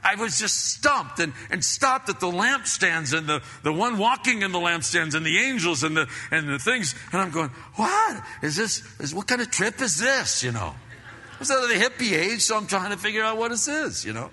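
A middle-aged male pastor preaching a sermon in a casual, animated way, repeating himself and often calling listeners "man". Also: high-pitched, a little fast, in a large hall.

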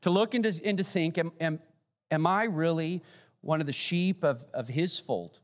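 A man preaching a communion sermon as pastor, earnest, swinging from raised declarations to hushed pleading questions. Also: on the high side, moderate pace. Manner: earnest preaching, rising then dropping to hushed pleas. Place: church sanctuary. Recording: long hall reverb.

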